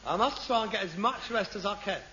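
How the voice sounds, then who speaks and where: An actor playing a self-pitying, melodramatic grown son in an old radio sitcom. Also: male voice, sits high, brisk, close to an everyday voice. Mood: martyred. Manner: melodramatic, whining, theatrical. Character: hypochondriac adult son, dramatic and self-pitying. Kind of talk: 1960s radio sitcom acting. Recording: dull old broadcast recording with loud hiss.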